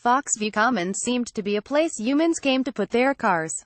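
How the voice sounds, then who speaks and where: A woman's voice: fairly high pitch, animated, normal speed, no echo. Earnest woman reading a storybook. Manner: earnest, naive first-person storytelling. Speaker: audiobook narrator. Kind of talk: scripted audiobook narration.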